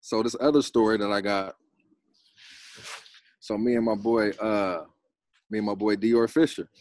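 A man's voice: lowish voice, fairly even intonation, a little slow, a little mellow. A man, a pro basketball player, telling loose, slangy stories as a podcast guest, swearing freely and repeating himself. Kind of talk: casual storytelling.

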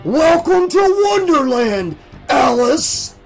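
A man voicing a cruel male dream-killer who growls, mocks and shouts his threats. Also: very high-pitched, sing-song, takes it slowly, over music, voice pushed up, full character voice. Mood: taunting.

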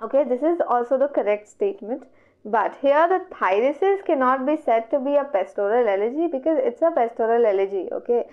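Brisk and animated, this woman with an Indian English accent and a fairly high voice runs an online revision lecture for exams. She goes step by step through questions, asking and answering her own. The recording sounds dull and lo-fi.

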